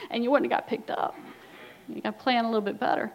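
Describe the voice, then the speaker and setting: A woman's voice: mid-range voice, steady tone, fast, gravelly, lo-fi sound. A middle-aged woman giving a personal recovery testimony, telling her story bluntly and wryly, with quoted asides. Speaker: recovery speaker.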